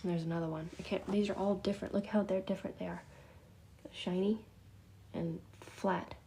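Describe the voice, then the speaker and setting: A woman's voice: mid-range voice, steady tone, moderate pace, gravelly, a little mellow, a little hiss or hum. A middle-aged woman hosting a casual live class on crystals, talking in a chatty, scattered way with frequent laughs and muttered asides. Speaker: spiritual class host.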